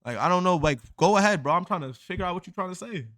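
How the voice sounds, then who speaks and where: A man's voice: sits high, animated, fast talker, a bit bright. A young man arguing heatedly and insistently, repeating himself to defend his reputation. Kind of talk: heated argument.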